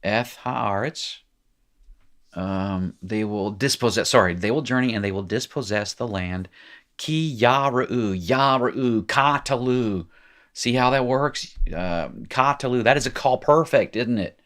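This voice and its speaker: A man's voice: fairly low pitch, moderate pace, hardly any pauses, a bit bright. A man teaching a recorded language lesson, explaining patiently with small asides and encouraging the listener. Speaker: Hebrew teacher.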